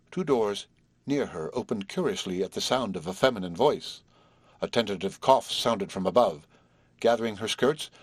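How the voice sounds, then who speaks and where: Lively low-voiced male narrator. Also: husky, dry recording. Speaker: audiobook reader. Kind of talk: scripted narration.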